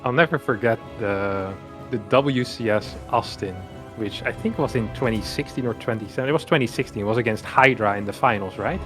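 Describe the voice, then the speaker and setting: Male esports caster, live commentary, chatty, energetic, medium pitch, soft music behind. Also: a little fast. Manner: chatty, builds to excited play-by-play.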